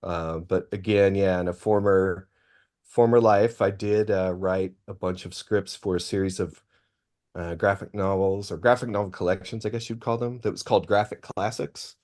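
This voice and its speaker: A deep, low-pitched man answers questions as a guest critic on a podcast. He talks about his work in a modest, easygoing way, pausing on small fillers as he goes. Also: fairly even intonation, a little mellow. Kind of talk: casual interview talk.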